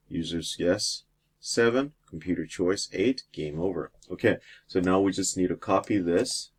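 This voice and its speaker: A man's voice: low voice, slightly rough. A man teacher walking through a coding exercise step by step, with some fillers, as he types. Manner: steady step-by-step explaining with fillers. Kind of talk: screen-recorded coding lesson.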